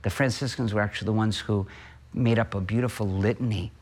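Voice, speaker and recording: A man preaching a homily as a priest, earnest, asking and answering his own questions and slowing down on key phrases. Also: on the low side, fairly even intonation.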